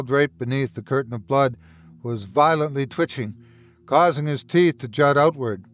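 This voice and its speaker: A man hosting a podcast, narrating horror stories in a measured, expressive way. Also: a little high. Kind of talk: dramatic horror story narration.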